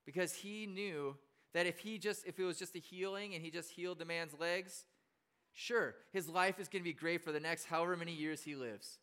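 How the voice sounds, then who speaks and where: A man's voice: on the high side, moderate pace, pushed and bright, smooth. A male pastor preaching a casual storytelling sermon in a chatty, self-deprecating way. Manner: chatty and self-deprecating, with frequent fillers and restarts.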